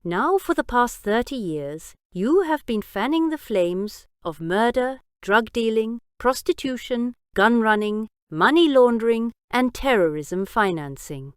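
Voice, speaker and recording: A woman voicing a cold young male vigilante who speaks in slow, menacing, deliberate sentences in a storybook reading. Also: fairly high pitch, lively intonation, clear, resonant tone, dry recording, studio quality.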